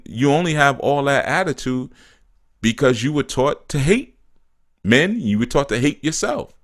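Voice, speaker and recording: A man giving a casual spiritual talk as a teacher, animated and repetitive, often acting out what people say. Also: medium pitch.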